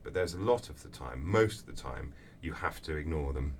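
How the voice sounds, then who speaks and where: Very deep-voiced man, distant mic. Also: fairly quick, creaky. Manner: animated storyteller, acts out voices in anecdotes. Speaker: author guest. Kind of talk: interview answers. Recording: distant mic with faint background noise.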